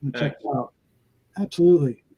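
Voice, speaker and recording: A man hosting a casual online panel chat, quick with affirmations and plugs. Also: fairly high pitch, warm tone, breathy edge, no echo, highs cut off. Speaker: host.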